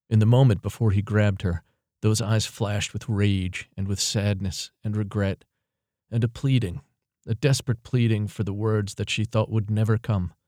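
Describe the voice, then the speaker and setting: Low-voiced male storybook narrator. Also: a little mellow, no room sound, clean studio sound. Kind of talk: audiobook narration.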